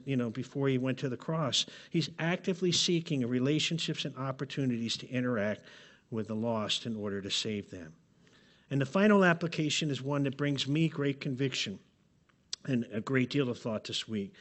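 A man preaching a sermon to his congregation, earnest and pleading, often letting his phrases drop to a soft close. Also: medium pitch. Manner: earnest, pleading, with dramatic drops in volume at phrase ends. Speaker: pastor. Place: church sanctuary.

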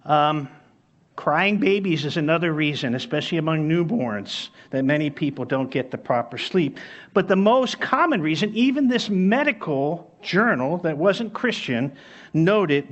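Emphatic high-voiced preacher man. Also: animated, unhurried. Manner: emphatic, repeats key phrases, storytelling. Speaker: pastor. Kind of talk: sermon.

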